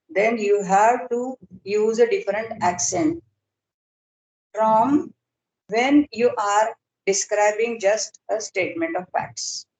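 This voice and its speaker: A woman lecturing on grammar in a workshop, explaining slowly and deliberately with pauses and fillers. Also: on the high side, a little mellow. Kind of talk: academic lecture in an online workshop. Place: video call. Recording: roomy echo.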